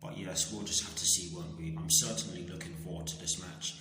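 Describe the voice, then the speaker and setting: A man giving a live reaction commentary on a football match as a fan, in a steady, measured way that often stops to correct himself. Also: low voice. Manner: steady, measured delivery with frequent self-corrections. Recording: very echoey room with long reverb and background noise.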